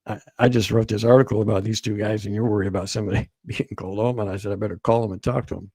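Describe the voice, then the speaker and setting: Gravelly low-voiced man telling a story. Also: fairly even intonation, darkish tone, no room sound. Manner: halting, repeats words, quotes others. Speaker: guest author. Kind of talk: storytelling interview.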